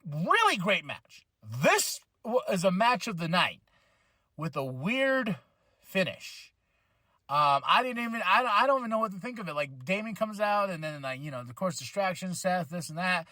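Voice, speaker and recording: A man hosting a podcast, rambling and excitable as he reviews a wrestling event, swearing freely and acting out his own reactions. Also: high-pitched, dry recording. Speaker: podcast host.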